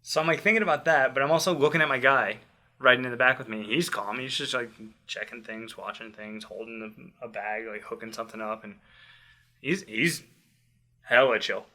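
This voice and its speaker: A young man casually telling a personal story, acting out quotes and dropping quiet in tense moments. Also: mid-range voice, brisk. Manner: animated, acts out quotes loudly then drops to quiet. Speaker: podcast host telling a story.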